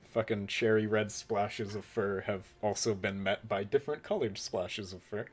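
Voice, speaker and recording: A young adult man narrating a tabletop game as game master, in a relaxed, rambling way. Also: lowish voice, normal speed, husky, soft background music.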